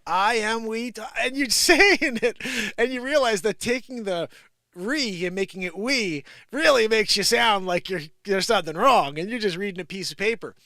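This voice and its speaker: A man's voice: high-pitched, animated, normal speed, pushed and bright, dry recording, clean studio sound. A man hosting a live show, riffing on news stories with giggles and rambling asides. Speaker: live comedy show host. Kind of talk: improvised comedy news riff.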